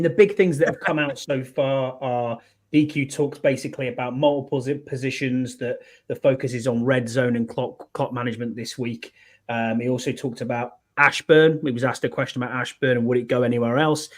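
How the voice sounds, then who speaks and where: A man's voice: medium pitch, steady tone, a little fast. A man, hosting a casual sports podcast in a chatty, upbeat way. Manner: chatty, upbeat, reads sponsors and runs through news. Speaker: podcast host.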